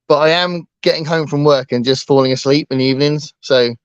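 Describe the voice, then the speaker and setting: A man's voice: on the high side, fairly even intonation, brisk, smooth, no echo. Hesitant man, lo-fi dry sound. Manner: hesitant, full of ums and restarts. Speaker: book channel co-host. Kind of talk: casual livestream chat.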